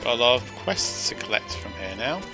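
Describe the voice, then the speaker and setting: A male streamer commentates casually on his game while yawning, his throat sore. His voice sits at a medium pitch. Game music plays clearly under him. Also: big pitch swings, a little fast. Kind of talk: live gameplay commentary.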